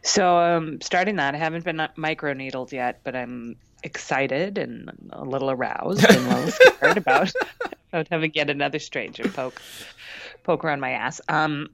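A woman's voice: deep voice, moderate pace, gravelly, slight background noise. A woman co-hosting a podcast, telling a story in a candid, self-mocking, chatty way. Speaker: podcast co-host. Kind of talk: casual chat. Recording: dry, slightly dull recording.

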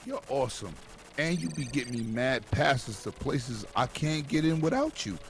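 A man from Brooklyn with a New York accent in casual, profane group banter, loudly arguing a point and cutting in to hold the floor. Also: medium pitch, big pitch swings, normal speed, vocal fry, soft background music.

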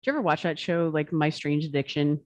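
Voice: medium pitch, steady tone, a little fast, a little mellow, dry recording. Blunt, profane co-host, dry close sound. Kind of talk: casual chat.

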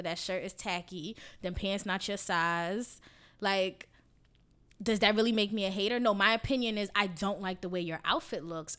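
A woman's voice: mid-range voice, fairly bright tone, smooth. A young woman from a Haitian family in casual podcast chat, telling stories bluntly and profanely, acting out what people said. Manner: blunt, profane storytelling with acted-out quotes.

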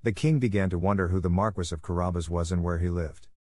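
A man narrating a fairy tale in a steady, even storytelling manner, close to the mic. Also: deep voice, fast, dry recording. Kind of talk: scripted audiobook narration.

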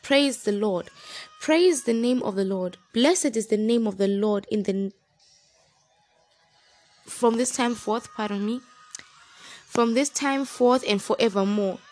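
A woman delivers a devotional exhortation in an earnest, repetitive way, rising to fervent emphasis. Her voice sits a little high for a woman. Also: unhurried, long pauses, rough recording. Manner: retells a story with lively acted quotes. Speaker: preacher.

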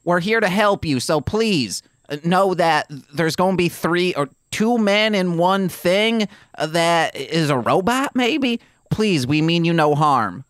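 A man's voice: sits high, moderate pace, few pauses, dry recording, clean studio sound, pitched above the performer's own voice, natural voice. A man voicing a goofy, brash male adventurer in an over-the-top raised voice.

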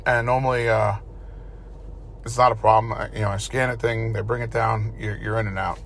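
A man's voice: fairly low pitch, flat delivery, a little fast, vocal fry, a bit bright. A man telling a rambling, profane story in casual chat as a podcast co-host, with faint noise behind him.

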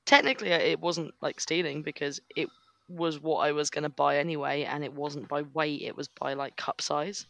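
Gravelly, bright man. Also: fairly high pitch, fairly even intonation, moderate pace, no echo. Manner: crude, reactive, says "like" a lot. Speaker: podcast co-host. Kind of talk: casual chat.

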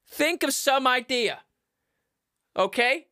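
Young male podcast host, loud ranting delivery, bright forceful tone, close dry mic. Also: very high-pitched, animated, slow pace, smooth, no echo. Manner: loud and yelling, rambling. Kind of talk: ranting comedy monologue. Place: home basement. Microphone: studio microphone.

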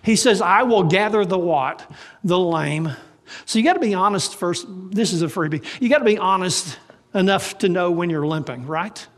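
A man with a high voice preaches a sermon to a congregation. He speaks as a pastor and poses rhetorical questions to the room. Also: moderate pace, a bit bright, big-room sound. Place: church service with live congregation.

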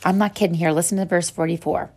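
A woman's voice: on the low side, fairly even intonation, fast, a little mellow, slight background noise. A woman hosting a podcast and teaching a Bible devotional, speaking in an earnest, encouraging way to her listeners as sisters.

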